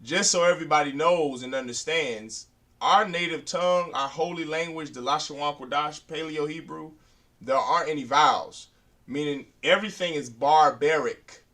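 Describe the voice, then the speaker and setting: A man's voice: fairly high pitch, normal speed, bright, forceful tone. A man teaching a beginner language class, sounding out words syllable by syllable and repeating them as he writes on a board. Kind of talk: classroom lesson at a whiteboard.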